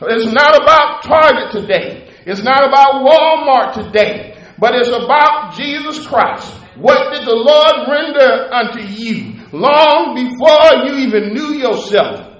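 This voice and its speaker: A man preaching a Christmas sermon with a preacher's cadence, lifting into shouts and half-sung phrases. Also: very high-pitched, lively intonation, slow pace, reverberant, rough recording.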